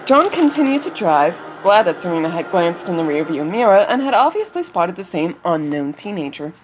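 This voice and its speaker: Lively woman reading a story aloud. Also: fairly low pitch, brisk, a little hiss or hum, poor audio.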